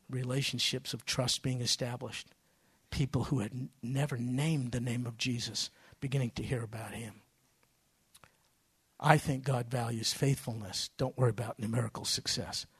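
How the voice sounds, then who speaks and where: A man's voice: medium pitch, steady tone, moderate pace, slightly rough. A man preaching a sermon from the pulpit, telling stories with folksy phrasing and sudden bursts of emphasis. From United States. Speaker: pastor.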